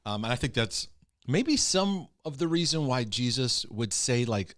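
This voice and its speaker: A man hosting a podcast, talking casually in quick bursts, often repeating words as he thinks. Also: medium pitch, sing-song, fairly bright tone, no echo, clean studio sound. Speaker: podcast host. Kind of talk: casual conversation.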